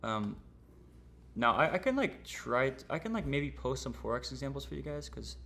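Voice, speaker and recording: Gravelly young man, casual stream talk. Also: medium pitch, big pitch swings, normal speed, bright, forceful tone. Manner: casual, slangy, rambling with fillers. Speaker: trading streamer. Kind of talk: casual livestream lesson.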